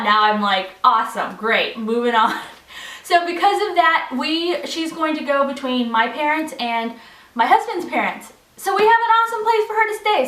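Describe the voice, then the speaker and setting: A woman's voice: sits high, fairly bright tone, distant mic. A woman in her thirties, a mother of three, chatting casually to camera in a bubbly, talkative way with frequent laughs. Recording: echoey room, a little off-mic.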